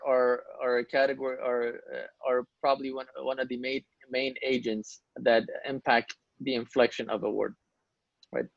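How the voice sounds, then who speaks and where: In a dull, dry, lo-fi recording, a man with a medium-pitched voice and some vocal fry teaches an Arabic grammar lesson. He explains things step by step and asks his students questions to check they understand.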